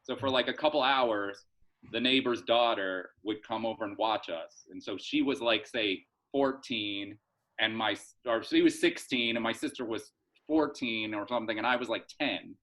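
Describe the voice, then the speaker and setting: A man's voice: lowish voice, normal speed, a bit bright, low-quality recording. A middle-aged man, a soap opera writer, chatting through a rambling story in a casual interview, full of fillers and restarts.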